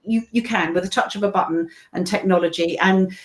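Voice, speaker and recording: Speaking fairly quickly in a lowish voice, a British voice-over narrator chats as a guest in a casual video-call interview. Her long stories ramble, with frequent asides along the way.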